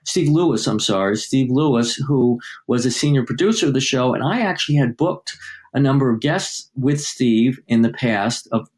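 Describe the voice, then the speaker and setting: Older man, interview guest, mid-pitch, chatty raconteur who acts out quotes. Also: normal speed. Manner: lively anecdote-telling, acting out quoted dialogue, many fillers. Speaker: journalist guest. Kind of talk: storytelling in a podcast interview.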